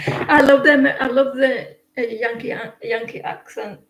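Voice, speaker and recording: A woman's voice: on the high side, fairly even intonation, unhurried. A woman giving casual tarot readings on a live stream, chatty and rambling, often laughing. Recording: echoey room, faint noise.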